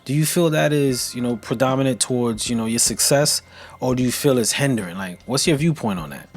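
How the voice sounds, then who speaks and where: A man hosting a live show who interviews his guest casually, reads out viewer questions and gives upbeat shout-outs in laid-back slang. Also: medium pitch, brisk, slightly rough. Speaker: show host.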